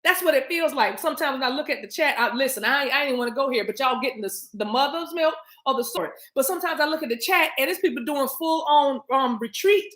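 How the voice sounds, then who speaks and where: Woman livestream host, high voice, preachy and emphatic, roomy sound. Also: quick pace, hardly any pauses. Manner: animated, emphatic, repeats phrases, talks to chat. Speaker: spiritual reader and livestream host. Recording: roomy echo.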